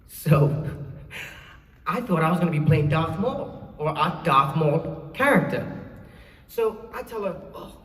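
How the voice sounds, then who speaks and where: A man in his thirties with a New Zealand accent, telling lively stories as a guest on a convention panel. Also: a little high, slow pace, pauses often. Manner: lively, laughing, acts out voices. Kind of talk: animated storytelling. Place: large convention hall. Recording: echoey hall from far off.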